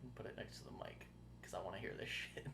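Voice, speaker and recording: A man's voice: quick pace, background noise. A man co-hosting a podcast, chatting casually, swearing freely and laughing often in exasperated banter. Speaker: podcast co-host.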